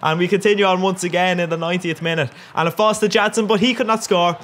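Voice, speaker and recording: A man's voice: high voice, fast, a little hiss or hum. A young man with an Irish accent giving casual, rambling and cheeky commentary over his football video game matches. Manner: rambling and cheeky, with bursts of excitement. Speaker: gaming commentator.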